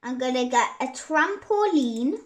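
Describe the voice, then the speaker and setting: A young girl talks her way through a game in a high, bouncy voice. She giggles a lot and keeps saying sorry, and her speech is slow and unhurried. Keyboard typing and clicks can be heard behind her. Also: expressive. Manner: chatty, giggly, apologetic. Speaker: gaming YouTuber. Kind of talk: casual gameplay commentary.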